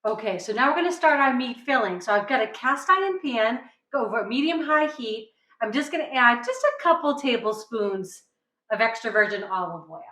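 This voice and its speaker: A woman's voice: on the high side, animated, moderate pace, bright, forceful tone, echoey room, low-quality recording. A middle-aged woman from New England hosting a casual cooking demonstration, chatty and upbeat, often checking in with "right?". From New England, USA. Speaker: cooking show host. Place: home kitchen.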